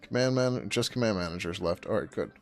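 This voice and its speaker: A man's voice: on the low side, brisk, dry recording, faint music behind. Tired man chatting on a coding stream. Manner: profane, laughing, muttering code names while typing. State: tired, throat getting hoarse. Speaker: livestreaming programmer. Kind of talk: casual coding livestream chat.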